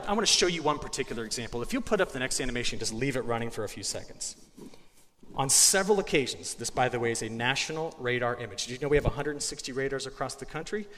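A man's voice: mid-range voice, fairly bright tone. A man in his forties gives a sermon in a conversational, joking way, often restarting his sentences. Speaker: guest speaker, meteorologist. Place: church sanctuary. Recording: long hall reverb, faint ambient noise.

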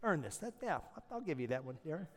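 A man preaching a sermon to his church, dropping to a hushed storyteller's voice and then rising to loud, urgent preaching. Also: a little high, sing-song, quick pace, long reverb tail. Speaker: pastor.

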